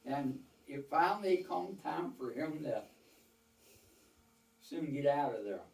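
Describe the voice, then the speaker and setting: A man's voice: a little high, lively intonation, takes it slowly, creaky. An older man telling rambling, folksy war stories to a small audience, quoting others at length. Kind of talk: casual storytelling to a small audience. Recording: roomy, from far off the mic.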